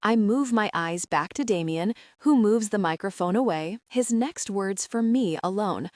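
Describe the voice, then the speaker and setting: A woman narrating an audiobook in the first person, with expressive, intimate storytelling. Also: mid-range voice, normal speed, hardly any pauses, no echo, clean studio sound.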